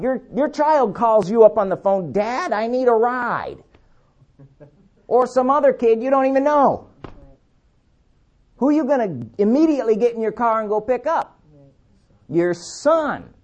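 A man preaching a sermon, emphatic, repeating key words and slowing down to read scripture. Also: extremely high pitch, darkish tone, muffled recording.

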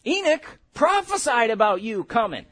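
High-voiced emphatic male preacher. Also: very animated. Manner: emphatic, builds to shouted exhortations and quick asides. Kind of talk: sermon.

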